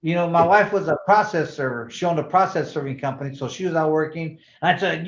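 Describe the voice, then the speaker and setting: A man's voice: fairly high pitch, fast, few pauses. A man in his sixties, a former boxing champion, telling stories in a casual interview and acting out the dialogue with slang. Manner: animated storyteller who acts out dialogue, with slang and swearing. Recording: roomy, slightly dull sound.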